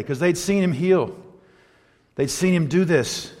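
Storytelling preacher in a reverberant hall. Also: male voice, on the high side, unhurried. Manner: storytelling, swings from loud emphasis to hushed near-whispers. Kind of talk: sermon. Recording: long reverb of a large hall.

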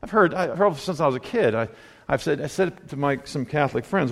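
A man preaching a sermon in a conversational way, asking rhetorical questions and swinging between loud and hushed delivery. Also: a little high, expressive, fairly quick, creaky, long reverb tail. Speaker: pastor.

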